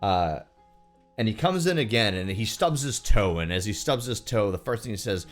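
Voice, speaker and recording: A man narrating as game master of a tabletop game, relaxed, with lots of fillers. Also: on the low side, normal speed, faint music behind.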